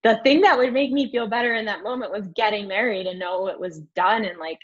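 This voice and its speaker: A young woman guest telling a candid story in an interview, rambling and animated, filling her speech with "like". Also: mid-range voice, fairly quick. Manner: rambling, animated, heavy use of "like". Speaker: podcast guest. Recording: dull lo-fi audio.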